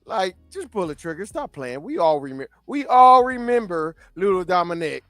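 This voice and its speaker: A man's voice: high-pitched, normal speed, dry recording, clean studio sound, faint music behind. A man hosting a casual comic book chat show, telling stories and laughing often. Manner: laughs often, animated storytelling. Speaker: host.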